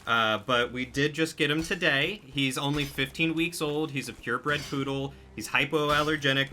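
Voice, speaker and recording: A man chatting casually on a live stream, relaxed and affectionate, with many fillers. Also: medium pitch, a little hiss or hum.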